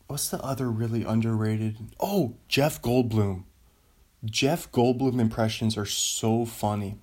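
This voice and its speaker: A man's voice: mid-range voice, darkish tone. A man rambling in a casual solo chat, often trailing off and laughing at his own ideas. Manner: meandering, self-interrupting, laughs often.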